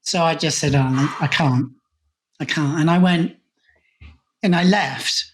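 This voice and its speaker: A man's voice: a little high, measured pace, a little hiss or hum. Man retelling a story with vivid asides. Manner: animated retelling with quoted inner thoughts. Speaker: interview guest, burnout coach. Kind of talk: candid personal storytelling.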